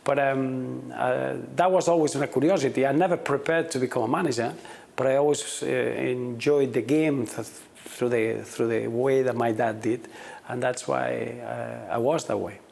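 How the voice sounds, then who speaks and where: A man's voice: medium pitch, steady tone, normal speed, creaky, a little mellow. A middle-aged man, a football manager, giving reflective interview answers and often repeating words as he starts his sentences.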